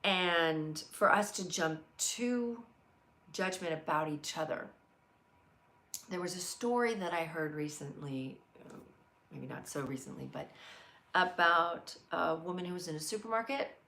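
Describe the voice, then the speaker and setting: A woman's voice: fairly low pitch, animated, unhurried, a bit bright. A middle-aged woman hosting a live inspirational talk, speaking earnestly and telling stories while reading out viewer comments. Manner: earnest, storytelling, reads viewer comments aloud. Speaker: host of a live inspirational show. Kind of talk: heartfelt live motivational talk.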